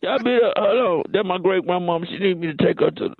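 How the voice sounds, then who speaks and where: A man's voice: sits high, fast, slight background noise. A man voicing an evasive young male caller who keeps making excuses over the phone. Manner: evasive, brushing off. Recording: tinny phone line.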